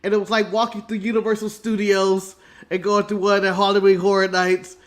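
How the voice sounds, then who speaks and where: A man from the United States co-hosting a podcast, telling stories in an animated way with frequent laughs and casual swearing. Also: high voice, fairly quick. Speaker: podcast co-host. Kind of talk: casual wrestling recap chat.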